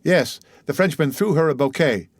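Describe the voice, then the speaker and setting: A man's voice: a little high, animated, normal speed, no room sound. A man reading an audiobook, voicing a bandit messenger who speaks with deferential respect and gratitude. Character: grateful, devoted male bandit messenger.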